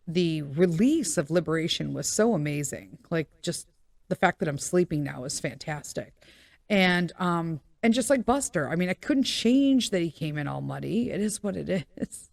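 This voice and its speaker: Chatty podcast mom, lowish voice, lots of um and like, dry close mic. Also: female voice, vocal fry, no room sound. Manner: animated, acts out quoted voices, many fillers. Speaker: podcast host. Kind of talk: casual storytelling monologue.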